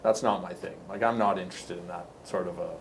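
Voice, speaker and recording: A middle-aged Canadian construction company owner, appearing as a podcast guest, tells anecdotal work stories in a rambling, casual way with frequent restarts. His low-pitched voice is steady and quick, with a little hiss or hum in the audio.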